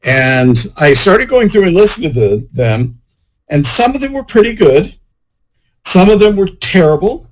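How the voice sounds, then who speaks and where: A man's voice: high-pitched, very animated, moderate pace, fairly bright tone, poor audio. A man, an author, chatting casually in an interview, rambling and full of "you know" fillers. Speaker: author and guest.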